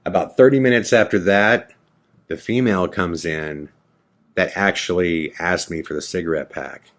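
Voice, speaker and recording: A man's voice: sits low, moderate pace. A man hosting a podcast, telling a frightening true story about himself in a vivid, dramatic first-person way. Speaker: podcast host.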